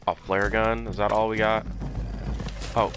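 A man's voice: on the low side, flat delivery, unhurried, noisy background. A man giving casual, joking gameplay commentary, full of exclamations. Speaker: gamer. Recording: game audio with loud music.

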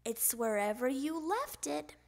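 A woman's voice: high voice, sing-song, measured pace, creaky, full character voice. A woman voicing a patient grown father frog in a storybook reading, coaxing his son along.

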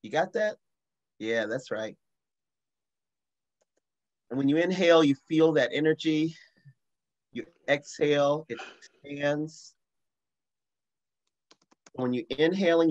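A man with a fairly high voice leads a guided grounding meditation at an online assembly. He speaks slowly and soothingly. He gives breathing and energy cues in a calm instructional tone. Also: muffled recording. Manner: slow, soothing guidance with bursts of excitement. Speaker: facilitator.

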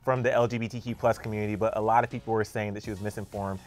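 A young adult man co-hosting a casual celebrity news show, relaxed and conversational, chiming in with quick agreement. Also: on the low side. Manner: relaxed, conversational, frequent "yeah" and "mm-hmm". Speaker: entertainment news co-host.

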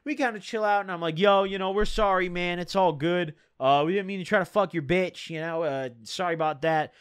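A man's voice: high voice, fairly quick, clear, resonant tone, no room sound, clean studio sound. A young man telling a rambling story in casual slang, full of "dude" and "bro". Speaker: storyteller vlogger.

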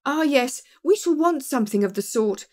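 A woman's voice: sits high, expressive, normal speed, voice pushed up. A woman reading an audiobook, voicing a terrified middle-aged male office manager who barely holds himself together with forced courtesy. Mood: frantic. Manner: strained, forced courtesy over panic.

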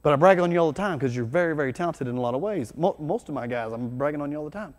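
Male pastor, higher-pitched, lively conversational preacher with loud peaks, recorded with long hall reverb. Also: racing. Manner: energetic, conversational preaching with sudden loud bursts. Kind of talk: sermon. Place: church hall.

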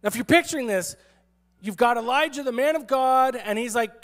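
A man's voice: very high-pitched, normal speed, fairly bright tone. A man who is a pastor, giving a sermon in a playful, sarcastic storytelling manner and acting out quotes.

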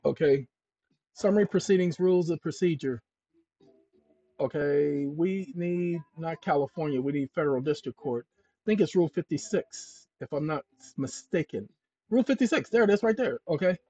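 A man's voice: a little high, moderate pace, breathy edge, faint music behind. Emphatic man explaining legal steps. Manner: emphatic, addresses viewers as ladies and gentlemen; thinks aloud while searching documents. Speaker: channel host. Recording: dull lo-fi dry recording.

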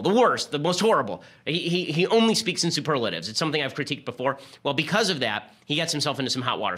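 A man's voice: fairly high pitch, fairly bright tone. A man hosting a political talk show, delivering a sarcastic, argumentative commentary monologue. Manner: rapid-fire, sarcastic, argumentative.

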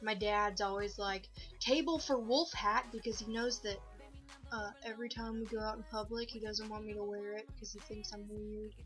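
Bright-voiced young woman rambling in a vlog. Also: medium pitch, flat delivery, moderate pace, faint music behind. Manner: rambling, goofy and profane, with lots of fillers. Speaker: vlogger. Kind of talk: casual show-and-tell vlog.

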